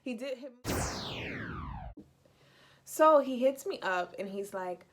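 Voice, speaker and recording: A young woman from the United States, chatty and animated, telling a casual storytime in a vlog. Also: a little high, takes it slowly, pauses often. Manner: chatty, animated, heavy use of "like". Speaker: vlogger.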